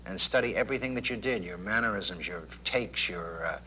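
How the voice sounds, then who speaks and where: A middle-aged man with a very bright, sharp voice recounts his career as a comedian, thoughtful and anecdotal. Faint hiss and hum sit under him, as on an old broadcast tape. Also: deep voice, brisk. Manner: thoughtful, anecdotal, with clipped impressions. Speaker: comedian guest. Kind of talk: talk show interview.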